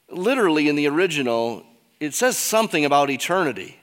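A pastor preaching a sermon, emphatic at times and dropping to quiet asides. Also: male voice, fairly quick, in a large hall. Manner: expressive, swings between emphatic peaks and quiet low asides.

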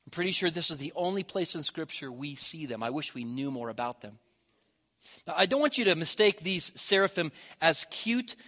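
A man preaching a sermon, swelling loud on key words and dropping to a near hush at the ends of phrases. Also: fairly high pitch.

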